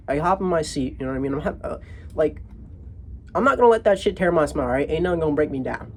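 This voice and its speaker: A husky young man rambles through a comedic storytime, swearing constantly and tripping over restarts. His delivery is animated and full of exasperation, with a somewhat breathy edge to the voice. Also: on the high side, quick pace.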